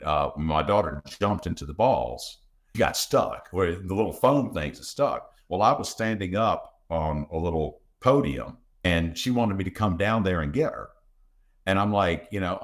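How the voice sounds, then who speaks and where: Deep-voiced dad on a podcast, chatty, tells stories and quotes his kids. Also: animated, moderate pace. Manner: anecdotal, acts out his family's voices in quotes. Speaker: podcast co-host and father. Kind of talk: casual podcast conversation.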